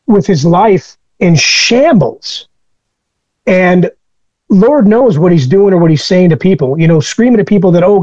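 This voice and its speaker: A man's voice: sits high, darkish tone, dry recording. A man speaking as an interview guest, telling personal stories in a candid, reflective way, on a dull lo-fi recording.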